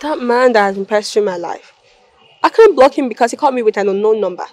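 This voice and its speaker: A woman's voice: on the high side, animated, fast, darkish tone, natural voice. A young actress with a Nigerian English accent playing a principled young woman who speaks firmly and sternly in a film. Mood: defensive. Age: young adult. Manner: firm, stern. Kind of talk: Nollywood film acting.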